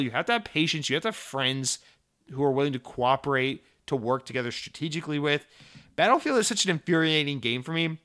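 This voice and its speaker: A man hosting a casual gaming podcast, rambling and venting with lots of swearing and animated mock dialogue. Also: medium pitch. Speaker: podcast host.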